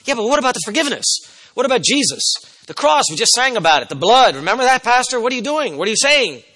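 A man voicing an alarmed churchgoer who fires rapid questions at his pastor. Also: very high voice, very animated, sharp tone, voice pushed up, full character voice, rough recording.

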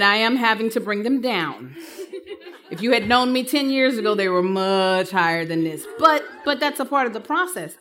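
Teaching counselors in a live talk, a woman with a mid-range voice speaks at a moderate pace, with a little hiss or hum in the audio. She tells lively, humorous stories and acts out the people she quotes.

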